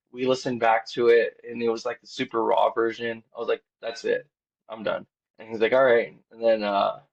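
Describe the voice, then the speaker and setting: A man who sings in a band shares a personal anecdote as a podcast guest, loose and meandering, peppered with "like" and reenacted exchanges. Mostly he's subdued, though he perks up when he gets excited, and the recording sounds muffled and flat.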